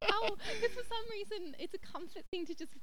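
A woman's voice: very high voice, normal speed, pushed and bright. A young woman co-hosting a podcast, chatting casually with lots of giggles and "like". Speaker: podcast co-host.

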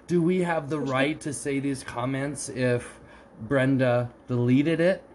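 A man's voice: medium pitch, steady tone, takes it slowly, darkish tone, slight background noise, poor audio. A man co-hosting a podcast who chats casually and spins joking made-up stories. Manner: joking, improvises mock stories. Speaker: podcast co-host. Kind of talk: casual chat.

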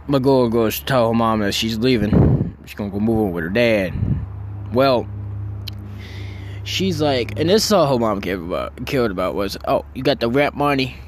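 A young man telling a story in a casual, rambling way, excited and swearing often. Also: on the low side, moderate pace, a little hiss or hum. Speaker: vlogger.

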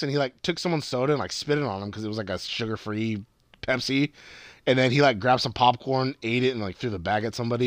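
A man chatting casually about a wrestling show, rambling, cursing freely and breaking into excited yells. His voice sits in a middle pitch range. It is recorded dry and close, with no room sound. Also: a little fast, dry recording. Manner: swears a lot, rambling, excitable outbursts. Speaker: podcast co-host. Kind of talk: casual wrestling recap chat.

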